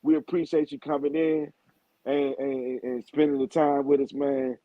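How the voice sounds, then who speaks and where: A man's voice: medium pitch, level tone, normal speed, dry recording. A man hosting a live video-call group talk, speaking bluntly and emphatically with a lot of cursing. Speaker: group admin and host. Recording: dull lo-fi stream audio.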